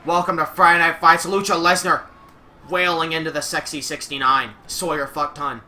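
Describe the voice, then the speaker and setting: A young man doing energetic play-by-play commentary over a wrestling video game, shouting at the big moves, his voice going a little rough from use. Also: on the high side, moderate pace.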